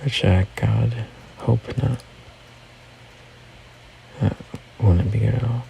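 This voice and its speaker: A man's voice: on the low side, steady tone, slow pace, creaky, mellow, low-quality recording. A man hosting a casual news recap, reading headlines and adding offhand personal comments. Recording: faint background noise.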